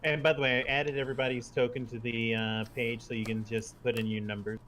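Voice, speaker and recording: A man's voice: mid-range voice, a little hiss or hum. Man running a tabletop game. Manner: relaxed, halting with many fillers. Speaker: game master.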